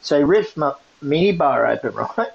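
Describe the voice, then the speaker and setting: A man's voice: a little high, normal speed, gravelly. A man telling a story in a casual chat, laughing often as he goes. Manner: laughing often, animated retelling. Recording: muffled lo-fi sound.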